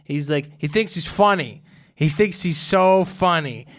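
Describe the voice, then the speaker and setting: Clear-voiced man telling wild stories. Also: fairly high pitch, a little slow. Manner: animated storyteller, acts out friends' lines. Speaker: podcast guest, comedian. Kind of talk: casual storytelling chat.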